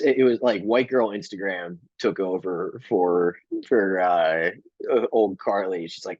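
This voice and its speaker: A man's voice: sits low, measured pace, a little mellow, dry recording, dull audio. A man hosting a comedy podcast, telling stories casually with rambling, stammering restarts and swearing.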